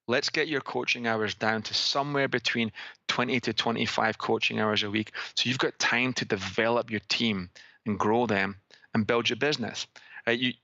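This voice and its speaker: A man's voice: mid-range voice, creaky, bright, forceful tone, no echo, dull audio. A Scottish man hosting a fitness-business podcast segment, talking emphatically and asking his listeners rhetorical questions. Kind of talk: business advice talk.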